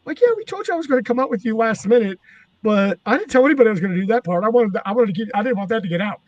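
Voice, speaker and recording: A man's voice: sits high, lively intonation, very fast, dry recording, muffled recording. A man, a former wrestling manager, telling rambling, profane stories in casual chat. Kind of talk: casual storytelling.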